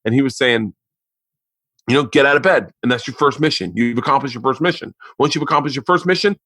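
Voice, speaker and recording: A man's voice: medium pitch, fast, husky, no room sound. A man in his forties hosting a podcast, telling a story in casual chat, acting out quotes with lots of swearing. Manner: animated storyteller, swears a lot, acts out quotes. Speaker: podcast host. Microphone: remote podcast mic.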